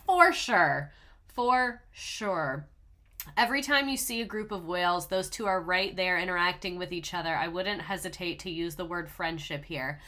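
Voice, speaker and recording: Young woman host, bright timbre; sarcastic, emotional, casual commentary. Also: mid-range voice, moderate pace. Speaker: video host. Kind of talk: casual commentary over clips.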